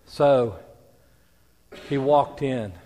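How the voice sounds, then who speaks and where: A man preaching a sermon as a pastor, telling a story with hushed quiet passages and rising emphatic peaks. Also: mid-range voice, drawn-out words. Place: church sanctuary. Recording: long hall reverb.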